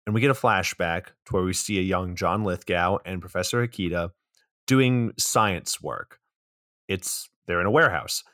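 A man co-hosting a podcast, casually recapping a movie in a rambling, relaxed way with some swearing. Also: low voice, normal speed, no room sound, clean studio sound. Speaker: podcast co-host.

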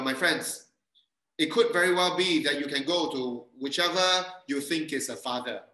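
Pastor, male, earnest sermon delivery, slightly high bright voice, echoey church hall. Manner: earnest, repeats key phrases, addresses "my friends".

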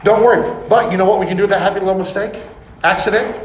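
A preacher doing a gentle soft-spoken TV painter. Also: male voice, high voice, steady tone, rapid-fire, very echoey, far from the mic, background noise, natural voice. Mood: soothing. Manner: soothing, reassuring.

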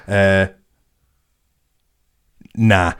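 A man's voice: low-pitched, steady tone, extremely slow, a bit bright, smooth. A young Scottish man, a comedian co-hosting a podcast, rambling and swearing in casual banter. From Scotland. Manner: rambling, swears freely, restarts a lot.

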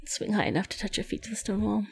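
Woman co-host, casual and upbeat, middle pitch. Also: flat delivery, fast, creaky, darkish tone, breathy edge. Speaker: podcast co-host. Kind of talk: casual chat.

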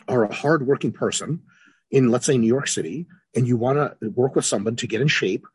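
A man guest on a podcast, an exercise scientist talking casually and profanely, animated, swearing freely and acting out characters. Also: medium pitch, breathy edge, dry recording.

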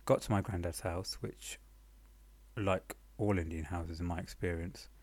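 Brief: young man, low voice, dry deadpan storyteller, close dry sound. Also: a little slow, breathy edge, no room sound. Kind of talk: comic monologue storytelling. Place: home apartment.

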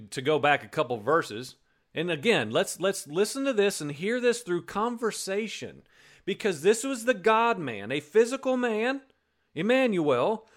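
A man preaching a sermon in a conversational way, with restarts and acted-out quotes. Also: high-pitched. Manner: conversational, repeats words, acts out quotes.

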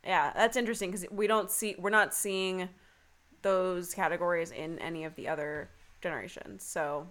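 A woman's voice: lowish voice, steady tone, normal speed, a bit bright. Frank, laughing young woman podcaster. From Southern United States. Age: young adult. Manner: frank, laughs often, joking. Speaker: podcast co-host. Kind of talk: casual chat.

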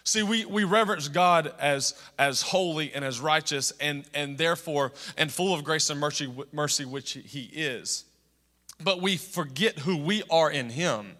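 Bright-voiced preaching man in a hall. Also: fairly high pitch. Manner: earnest preaching with repeated restarts, slow emphatic phrases. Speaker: pastor. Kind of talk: sermon.

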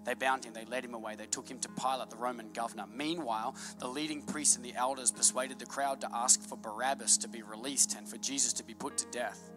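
A man preaching a sermon to his congregation, swinging between hushed asides and loud, fervent peaks. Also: medium pitch, fairly even intonation, a little fast, few pauses, soft background music. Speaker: pastor.

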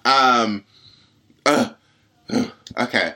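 A man's voice: mid-range voice, very slow, bright, forceful tone. A young man playing in a tabletop role-playing game, ranting and swearing as his character in heated outbursts. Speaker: player.

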